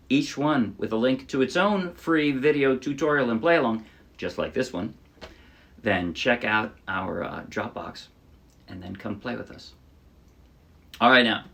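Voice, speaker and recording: A man's voice: mid-range voice, a bit bright. A man casually teaching ukulele, chatty and demonstrative, often correcting himself mid-sentence. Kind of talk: casual tutorial talk. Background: ukulele playing.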